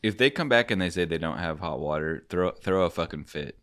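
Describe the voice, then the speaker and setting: Deep-voiced man ranting on a podcast. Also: animated, fairly quick, clean tone, no room sound, studio quality. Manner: loud, rambling, profane storytelling. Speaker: podcast co-host. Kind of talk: casual comedic chat.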